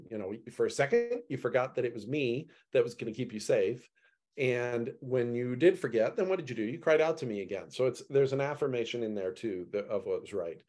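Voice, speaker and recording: A man leading a Bible study group in an animated way, reading a passage and explaining it. He acts out the quoted lines with sudden jumps in pitch. His voice sits in a middle register.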